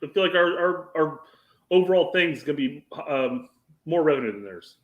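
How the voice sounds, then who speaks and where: Man, podcast co-host, halting, repeats himself, fairly high pitch, echoey room. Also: animated, muffled recording. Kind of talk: casual sports chat.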